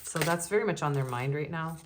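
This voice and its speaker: A woman's voice: sits low, fairly quick, noisy background. A woman giving a casual tarot reading, chatty and giggly, with many ums and likes. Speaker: tarot reader.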